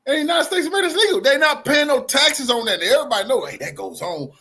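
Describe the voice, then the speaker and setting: A man co-hosting a live stream, delivering loud, profane, heated commentary straight at the viewers. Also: very high voice, animated, very fast, breathy edge. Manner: loud profane ranting, addresses viewers directly. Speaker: co-host.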